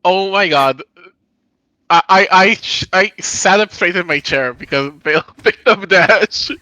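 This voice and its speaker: Bright, sharp-voiced man stammering through commentary. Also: high-pitched, unhurried. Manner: stammering restarts, laughs often. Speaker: tournament commentator. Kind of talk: casual live-stream commentary.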